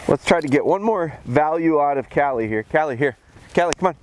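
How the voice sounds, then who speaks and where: A man's voice: fairly quick, slight background noise. A man training his bird dogs in a snowy field, explaining each step between commands. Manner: calls dogs in a high excited voice, then explains calmly. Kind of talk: outdoor training commentary.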